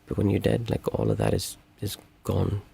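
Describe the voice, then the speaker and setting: Low, gravelly-voiced male meditation teacher. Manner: calm, reflective, halting. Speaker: meditation teacher and stream host. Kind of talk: livestream Q&A talk.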